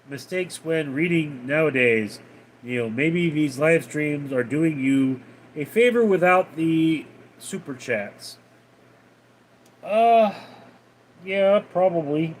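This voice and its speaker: A man hosting a casual livestream, reading out viewer messages and replying in a deadpan way. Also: on the high side, slow pace, a little hiss or hum. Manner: reads out viewer names and messages, deadpan replies. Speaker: livestream host reading chat.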